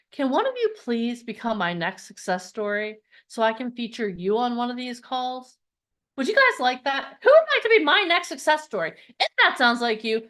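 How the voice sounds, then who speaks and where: Woman host, high voice, swooping pitch, excitable, talks to live viewers. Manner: excitable, talks straight to viewers and asks them to type in the comments. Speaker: host of a live online coaching event. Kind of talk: animated storytelling pitch to a live audience.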